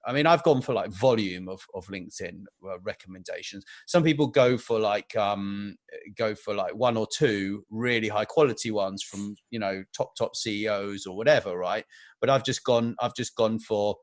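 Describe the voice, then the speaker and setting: A podcast host speaks plainly and bluntly in casual conversation, giving practical advice. The recording is dry and close, with no room sound. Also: male voice, lowish voice, normal speed, dry recording. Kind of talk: casual chat.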